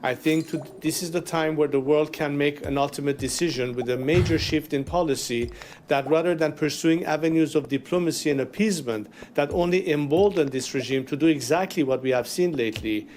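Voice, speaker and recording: Measured middle-aged man. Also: on the high side, darkish tone, slight background noise. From Iran. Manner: measured, formal, with hesitations. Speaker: interviewee. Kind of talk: broadcast news interview.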